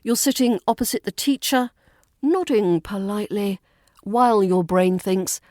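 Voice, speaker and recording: A woman with a Southern British RP accent teaches pronunciation at a deliberately slow pace. Her delivery is calm and precise, with clearly modelled words. The recording is dry and close, with no room sound. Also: mid-range voice, no room sound. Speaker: accent coach. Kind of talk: pronunciation lesson.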